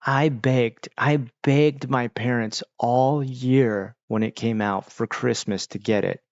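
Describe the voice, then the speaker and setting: A man in his thirties chatting casually as a host, animated and profane, often breaking into exaggerated voices. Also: medium pitch, takes it slowly, dry recording. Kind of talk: casual rambling chat. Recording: dull lo-fi dry sound.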